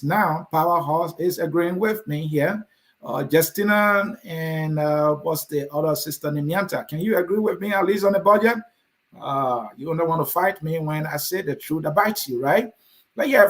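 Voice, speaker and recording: Man, Liberian accent, political show host, combative, fairly high voice. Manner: combative, addresses commenters by name. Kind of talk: reading and answering viewer comments.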